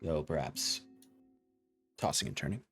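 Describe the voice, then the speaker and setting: Deep-voiced male game master. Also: lively intonation, measured pace, fairly bright tone, soft background music. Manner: descriptive, with hesitant fillers. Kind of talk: narrating a tabletop game.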